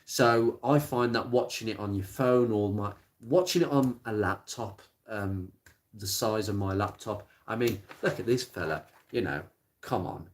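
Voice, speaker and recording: A man chatting casually on a live stream about car parts, plain-spoken and rambling, with many pauses and restarts. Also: on the low side. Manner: rattles off blunt practical advice. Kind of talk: casual live-stream chat answering viewer comments. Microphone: smartphone.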